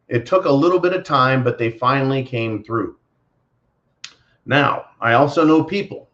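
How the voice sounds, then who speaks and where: A man's voice: mid-range voice, a bit bright, muffled recording. Profane, sarcastic ranting man. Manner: sarcastic, swearing, mocking voices when quoting. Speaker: host answering viewer comments. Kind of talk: profane political rant.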